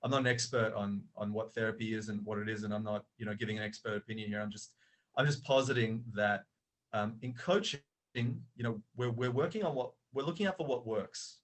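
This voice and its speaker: A man's voice: on the low side, fairly quick. A middle-aged man, a coach and author, telling a story as a podcast guest, with many restarts and fillers.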